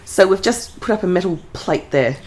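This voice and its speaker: A woman's voice: lowish voice, expressive, normal speed, a little mellow. A woman co-hosting a podcast in casual chat, giggly, swearing freely and drifting into tangents. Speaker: podcast co-host.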